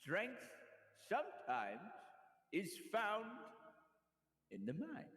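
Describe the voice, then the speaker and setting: A man doing a slow, solemn riddle master. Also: sits high, wildly swooping pitch, a bit bright, pitched above the performer's own voice, full character voice. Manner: slow, measured, theatrical delivery with long pauses. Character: tall, calm male arena master posing riddles. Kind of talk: tabletop role-play voice. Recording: roomy echo with long reverb.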